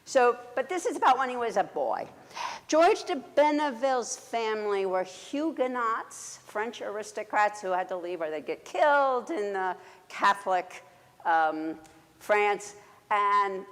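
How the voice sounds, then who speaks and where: Brief: woman telling a story to a congregation, animated and halting, with long hall reverb. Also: mid-range voice. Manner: animated, hesitant with fillers. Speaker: church storyteller. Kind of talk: sermon storytelling. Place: church sanctuary.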